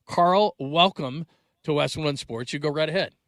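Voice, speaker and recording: A male sports radio host with a bright, forceful voice, a touch high. He talks with energetic enthusiasm on a dry studio mic, light music playing behind. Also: normal speed, no room sound.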